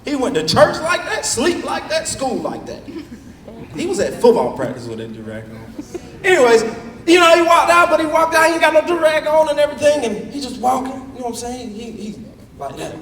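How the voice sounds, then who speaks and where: A young man on a comedy stage spins a stand-up story, his voice high for a man and swinging widely as he acts out the people in it. He sounds set back from the mic in a roomy hall. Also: brisk, far from the mic. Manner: animated, acts out characters in shifting voices.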